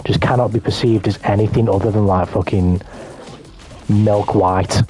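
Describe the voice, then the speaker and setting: A British man with a lowish voice rambles through casual stream commentary, cursing freely and joking with viewers as he plays. Faint game music hums behind him. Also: steady tone, moderate pace, darkish tone. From Britain. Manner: rambling, sweary, joking to chat.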